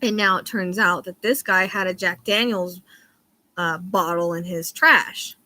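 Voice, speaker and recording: Bright-voiced rambling woman livestreaming. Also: lowish voice, measured pace. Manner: rambling, often loses her train of thought; laughs easily between thoughts. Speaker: psychic livestream host. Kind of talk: casual live-stream chat.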